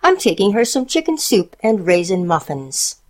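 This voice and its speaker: A woman's voice: mid-range voice, big pitch swings, normal speed, a little mellow, pitched above the performer's own voice, natural voice. A woman voicing a sweet, trusting little girl in a storybook, eager and full of wonder.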